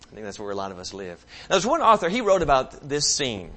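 A man preaching a sermon, swinging from loud impassioned climbs to hushed, soft passages. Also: medium pitch, lively intonation, quick pace, hardly any pauses.

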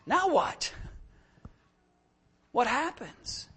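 High-voiced man preaching with passion. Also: sing-song, extremely slow, sharp tone, breathy edge. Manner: impassioned preaching with rhetorical questions. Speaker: pastor. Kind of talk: sermon.

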